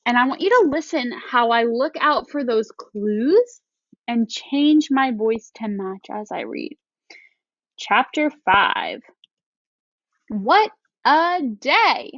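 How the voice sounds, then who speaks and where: A woman teacher giving a reading lesson to first graders, explaining each point slowly and clearly. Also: fairly high pitch, expressive, no echo, highs cut off. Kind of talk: recorded reading lesson for young children.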